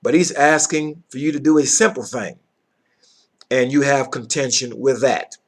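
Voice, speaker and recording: A man's voice: medium pitch, fairly even intonation, normal speed. A man teaching from the Bible, reading verses aloud and then explaining them in plain words, often checking in with his listeners.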